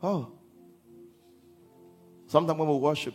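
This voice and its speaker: A man preaching a sermon as pastor, swinging from hushed lines to half-sung shouts. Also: fairly high pitch, fairly even intonation, moderate pace, pauses often, faint music behind.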